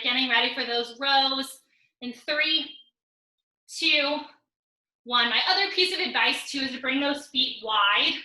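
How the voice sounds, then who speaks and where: Her voice runs on the high side with a sharp tone, heard with a roomy echo. She's a woman fitness instructor leading a live online workout class, a little out of breath, giving upbeat coaching, counting down intervals and reps, cueing form and joking along the way.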